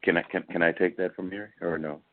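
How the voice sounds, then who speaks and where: A man's voice: low voice, flat delivery, quick pace, dry recording. A man hosting a casual talk radio show, joking and rambling playfully. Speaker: host. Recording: dry tinny phone line.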